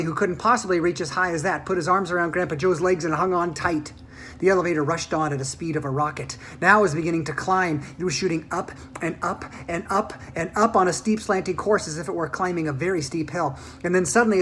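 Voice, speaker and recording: A woman reading a children's book aloud in an animated, expressive way. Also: fairly low pitch, slight background noise. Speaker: storyteller.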